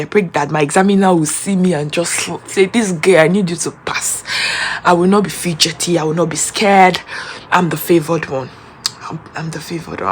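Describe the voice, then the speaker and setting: A woman's voice: lowish voice, a little hiss or hum. A young woman, talking to her viewers in a chatty, casual vlog. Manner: chatty, addresses viewers directly. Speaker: vlogger. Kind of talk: casual vlog talk to camera.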